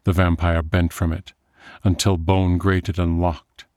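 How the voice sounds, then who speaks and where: A man narrating a dark story in a measured, atmospheric way. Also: deep voice, level tone, no echo, clean studio sound.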